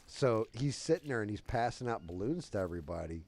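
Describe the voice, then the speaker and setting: Deep-voiced guy rambling a crude story. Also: animated, fairly quick, few pauses, a little mellow, slight background noise. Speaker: streamer. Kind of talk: casual storytelling on a live stream.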